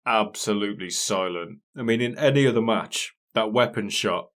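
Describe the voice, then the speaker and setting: A man's voice: fairly low pitch, moderate pace, a bit bright. A man, co-hosting a podcast in casual chat, joking and laughing often with a loose, swearing manner. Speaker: podcast co-host. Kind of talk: casual chat watching wrestling.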